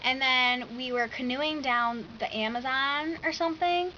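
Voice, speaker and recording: A teenage girl telling a story in a casual vlog, chatty and animated, full of "like.". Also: high voice, measured pace, lo-fi sound, a little hiss or hum. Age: teens. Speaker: vlogger.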